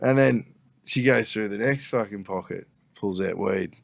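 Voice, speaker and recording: A man's voice: lowish voice, normal speed, creaky, no echo. A man telling rowdy anecdotes as a podcast guest, laughing often and swearing freely. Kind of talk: casual storytelling chat.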